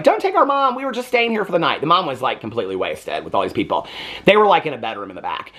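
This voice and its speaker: A man's voice: mid-range voice, a bit bright. A man reviewing a movie in casual, rambling chat, giggling, with lots of "like" and many tangents.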